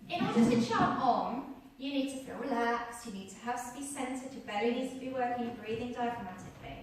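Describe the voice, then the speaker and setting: A woman leads a voice workshop for yoga teachers, calmly demonstrating sounds in a fairly high voice. She is recorded from across a very echoey room. A faint hiss sits under her speech. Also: quick pace. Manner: demonstrates sounds, calm and instructive. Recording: very echoey room, voice far from mic, faint noise.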